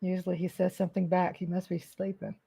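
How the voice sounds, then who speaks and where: A woman's voice: lowish voice, flat delivery, fast talker, gravelly, mellow, breathy edge, dry recording. A middle-aged woman from Texas with a Texan accent, chatting casually with viewers on a live stream at home and greeting them by name.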